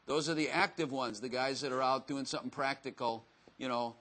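A man's voice: mid-range voice, fairly even intonation, a little fast, fairly bright tone. A man giving a casual, folksy Bible teaching to a room, chatty and self-mocking, often asking his listeners questions. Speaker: teacher or preacher.

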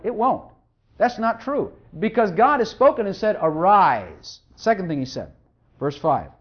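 A pastor preaching a sermon, emphatic and repetitive, hammering each point home and sometimes mumbling quietly while looking something up. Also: medium pitch, sing-song, moderate pace. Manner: drops to quiet mumbling when searching for a verse. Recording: dull lo-fi recording.

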